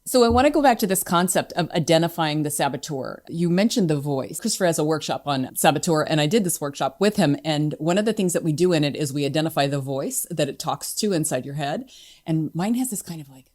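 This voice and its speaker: A woman hosts a podcast and chats with her guest in a relaxed, conversational way. Her voice sits a little low for a woman, and she tells her stories with easy energy. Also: brisk. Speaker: podcast host. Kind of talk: casual interview chat.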